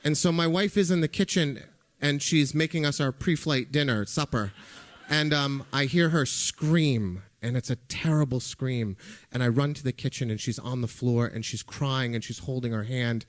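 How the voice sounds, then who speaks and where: On a music hall stage before a live audience, a middle-aged man tells a first-person story into a microphone. His delivery is conversational with dry comic timing, at medium pitch and moderate pace.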